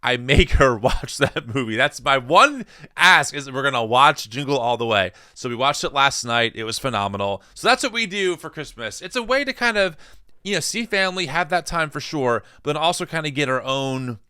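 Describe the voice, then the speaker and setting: Bright, smooth-voiced man, dry humor. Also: medium pitch, expressive, moderate pace, no echo. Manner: dry, sarcastic teasing. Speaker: podcast host. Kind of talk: casual chat.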